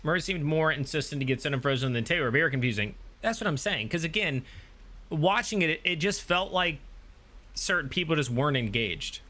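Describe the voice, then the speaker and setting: A man's voice: fairly high pitch, animated, a little fast, bright, forceful tone. A man hosting a stream, chatting casually and rambling with many restarts while reading chat aloud. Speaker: streamer and host.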